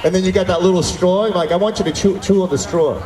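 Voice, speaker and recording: A man doing stand-up comedy at an outdoor concert, telling animated stories and bantering with the crowd. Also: high voice, fast. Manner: animated storytelling, acting out dialogue with the crowd. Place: outdoor stage at a summer concert. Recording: echoey outdoor PA sound from far off.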